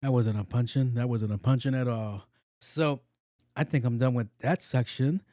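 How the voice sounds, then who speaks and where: A man's voice: medium pitch, moderate pace, over music. A man hosting a podcast alone, telling comic stories in a loose, profane way and acting out what people said. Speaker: podcast host. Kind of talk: comedic storytelling monologue.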